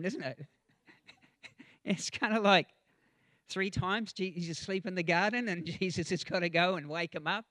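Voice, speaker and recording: A male preacher gives a conversational sermon, slipping into chatty asides with chuckles and plenty of ums. His voice sits a little high for a man. The sound is dry and close. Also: unhurried, long pauses, fairly bright tone, no echo.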